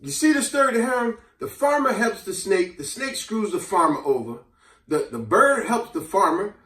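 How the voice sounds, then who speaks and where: A man's voice: high-pitched, moderate pace. A man telling a fable and giving life advice in casual chat, acting out the characters as he goes. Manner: animated storyteller acting out characters' voices. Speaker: host. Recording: echoey room, mic at a distance.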